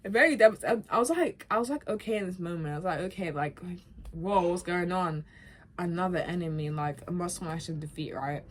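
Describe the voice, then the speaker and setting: A woman vlogger chatting casually as she recaps a video game story, animated and emotional, often laughing and calling her viewers guys and bro. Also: fairly low pitch, normal speed, a little hiss or hum.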